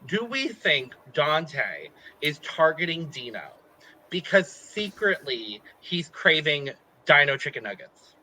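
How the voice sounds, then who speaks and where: A man's voice: a little high, very animated, slow, pushed and bright, rough recording. A man co-hosting a podcast, recapping a reality show in a playful, jokey casual chat. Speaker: podcast co-host.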